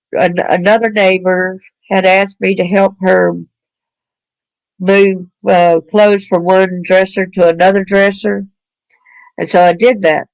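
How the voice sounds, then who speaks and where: A woman's voice: fairly low pitch, darkish tone, dry recording, low-quality recording. A woman speaking earnestly to parents about protecting children, in a plain-spoken way with fillers and restarts. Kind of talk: personal talk to parents.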